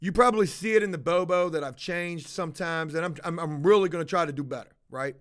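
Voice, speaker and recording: A man's voice: fairly high pitch, fast talker. A man livestreaming to his viewers, telling a confessional story in a blunt, profane, casual way. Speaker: livestreaming vlogger.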